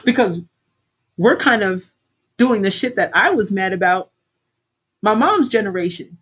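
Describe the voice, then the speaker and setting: A woman's voice: medium pitch, animated, a little slow, fairly bright tone, husky, dull audio. A middle-aged woman coaching her livestream viewers, blunt, preachy and full of swearing. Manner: blunt, heavily profane, preachy. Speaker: life coach hosting a livestream. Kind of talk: casual livestream pep talk.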